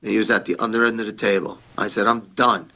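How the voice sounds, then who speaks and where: A man's voice: on the low side, fairly even intonation, fast talker, sharp tone, muffled recording. A man telling blunt, profane stories as a podcast guest, acting out the people he quotes in a raised voice. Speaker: podcast guest, former wrestler. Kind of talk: casual interview storytelling.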